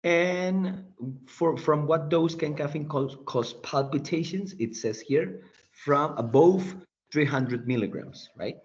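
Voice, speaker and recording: A man's voice: a little high, slow. A man teaching an English class online, walking students through a quiz and checking in with "right?" often. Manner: explanatory, checking in with frequent "right?". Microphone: computer mic on a video call. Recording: dull lo-fi meeting recording.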